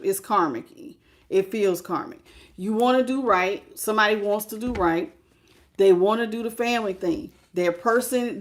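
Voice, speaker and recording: A woman giving a live-streamed tarot reading, talking in a casual, chatty and animated way and greeting viewers as she goes. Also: medium pitch. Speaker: tarot reader.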